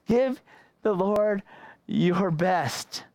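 A man's voice: high voice, expressive, very slow, a little mellow, no echo. A young man preaching a casual sermon, often repeating words and laughing between phrases.

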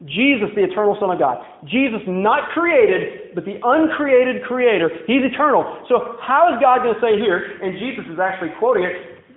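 Emphatic high-voiced preacher, tinny and echoey. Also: male voice, animated, a little fast. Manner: emphatic, acts out quoted voices. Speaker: pastor. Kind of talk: sermon. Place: church.

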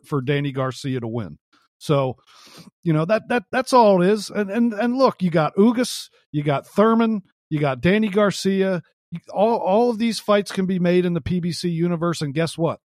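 A man's voice: on the high side, a little mellow, no echo, clean studio sound. A man co-hosting a boxing podcast, ranting in casual chat, swearing and mocking with put-on voices. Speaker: podcast co-host.

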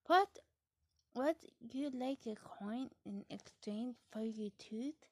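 A woman's voice: takes it slowly, no room sound. Woman whispering as a tiny tooth fairy. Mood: gentle. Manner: high, soft and whispery.

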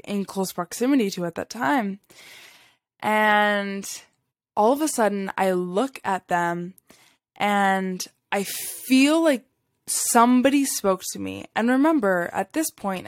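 A woman with a mid-range voice hosts a podcast, recorded in studio quality with no echo. She tells a spiritual story casually and ramblingly, sprinkling in fillers and small laughs.

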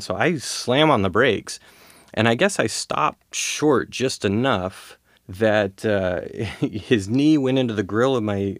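A man with a low, gravelly voice tells a personal story in a loose, rambling way. He laughs his way through it and is heard close up with no room sound at all. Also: no echo. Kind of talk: casual storytelling.

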